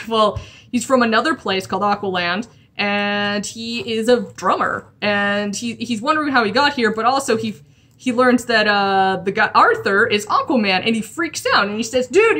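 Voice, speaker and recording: A woman's voice: medium pitch, pushed and bright. A woman chatting casually about a comic while drawing, rambling with lots of restarts. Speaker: comic art vlogger.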